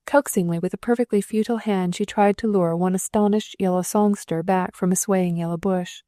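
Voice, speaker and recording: A woman reads a novel aloud with lively expression, her voice sitting at a middle pitch. Her narration is scripted and carefully paced. The sound is close and dry, with no room echo. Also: brisk, hardly any pauses. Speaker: audiobook narrator.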